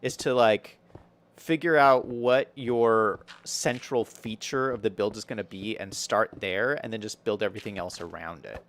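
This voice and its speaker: A man's voice: on the low side, normal speed, a bit bright. A man streaming a building game, chatting casually with viewers and thinking aloud as he builds, with an American accent and frequent laughs.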